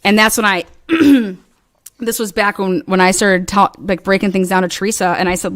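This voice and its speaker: A woman casually recounting online drama in a rambling, profane way, acting out quoted lines in animated bursts. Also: medium pitch, normal speed, dry recording, clean studio sound. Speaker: online commentator.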